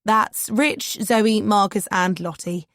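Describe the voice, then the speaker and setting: A woman voicing a brisk female newsroom manager showing a new hire around. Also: mid-range voice, fairly bright tone, no echo, clean studio sound. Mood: businesslike. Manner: brisk, businesslike.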